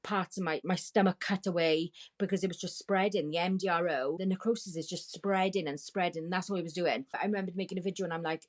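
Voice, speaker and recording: A woman with a low voice tells her story as a podcast guest. She rambles and gets emotional, and she swears freely along the way. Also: fairly even intonation, fast, hardly any pauses. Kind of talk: candid storytelling.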